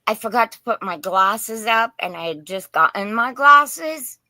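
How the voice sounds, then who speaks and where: A woman with a Southern Indiana accent tinged with Pennsylvania hosts a live-stream glass sale, chatting in a folksy, rambling way. Her bright voice moves at an unhurried pace. The sound is close and dry. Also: a little high, animated, no echo. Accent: Southern Indiana, mixed with Pennsylvania. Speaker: host selling vintage glass. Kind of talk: casual live-stream sales chat.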